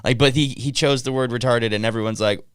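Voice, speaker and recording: A man's voice: mid-range voice, fairly even intonation, fast, smooth, dry recording. A young man co-hosting a podcast, rambling in casual chat with lots of fillers. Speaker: podcast co-host.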